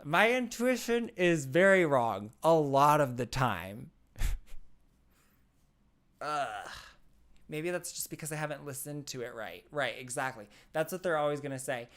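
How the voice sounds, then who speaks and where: A man's voice: fairly high pitch, animated, measured pace, a bit bright. A man hosting a casual livestream, reading out chat and reacting sarcastically, laughing and repeating himself. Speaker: streamer host reading chat. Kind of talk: casual live-stream commentary.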